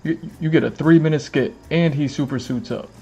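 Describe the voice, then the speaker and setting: This streamer's voice is fairly high and fairly quick, with vocal fry and a darkish tone, and faint music plays behind. Talking casually to his camera indoors under lights, he rambles, repeats phrases and fills gaps with "you know what I mean".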